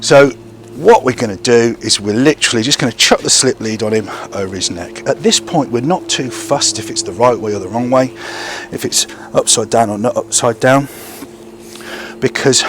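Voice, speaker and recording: Background noise surrounds a lowish male voice at moderate pace. He's out working a young gundog, talking to camera in between brief commands and words of praise for it.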